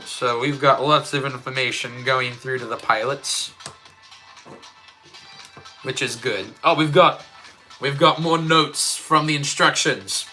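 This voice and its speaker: A man's voice: mid-range voice, slow, pauses often, sharp tone, faint music behind. A man with an Australian accent chatting casually on a live stream while building Lego and reading chat, rambling with many fillers.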